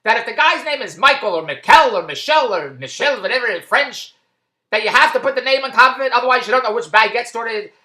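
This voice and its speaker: A man vlogging about his day at a shopping mall, rambling and repetitive, breaking into loud plugs for his business. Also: very high voice, expressive, fast talker, echoey room. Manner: repetitive, tangential, with loud self-promoting plugs. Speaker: vlogger and online business owner. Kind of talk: rambling casual vlog.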